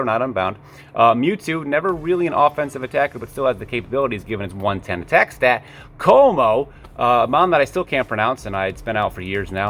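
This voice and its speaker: A man's voice: mid-range voice, fairly bright tone. A man giving casual, rambling commentary to camera. He drifts into tangents, corrects himself often and swears offhandedly. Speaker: video creator.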